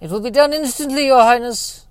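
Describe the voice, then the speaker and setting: A man's voice: extremely high pitch, brisk, clean tone, no room sound, voice pushed up. Man doing a jittery henchman servant, stammering and hesitant, dry sound. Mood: eager. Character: nervous male servant, eager yet squeamish.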